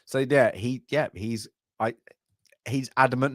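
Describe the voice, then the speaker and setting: A man's voice: medium pitch, fairly even intonation, unhurried, fairly bright tone, no room sound, studio quality. A man co-hosting a casual film review, rambling through the story with lots of restarts and fillers, acting out lines.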